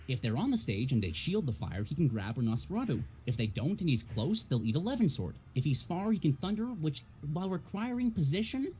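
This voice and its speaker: A man's voice: a little high, dark tone, a little hiss or hum. A man reading a prepared game critique aloud on a stream, losing his voice, stressing key words and tripping over a few.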